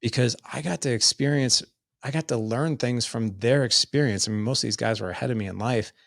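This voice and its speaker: A man's voice: medium pitch, a little fast, creaky, no echo, clean studio sound. A middle-aged man telling his story as a podcast guest, earnest and loose, with lots of "like" fillers. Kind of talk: casual storytelling in an interview.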